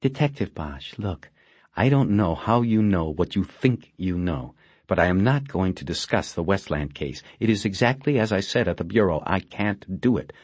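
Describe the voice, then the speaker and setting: A man's voice: low-pitched, lively intonation, moderate pace, darkish tone, slightly rough, dry recording. A man voicing a tightly controlled female federal agent who speaks in a cool, clipped, defensive way. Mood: guarded.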